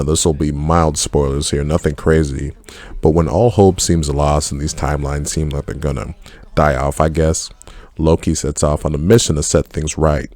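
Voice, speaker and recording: Heard in a dry, studio-quality recording, a man with a darkish bass voice reviews a TV series. The film and TV reviewer is casual, blunt, and candid, swearing freely as he speaks his mind.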